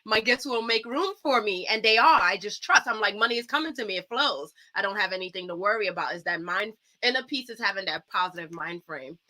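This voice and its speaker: Bright, uplifting woman dancer. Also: medium pitch, fast, few pauses. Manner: earnest, uplifting, animated storytelling. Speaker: guest dancer. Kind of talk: casual talk show chat.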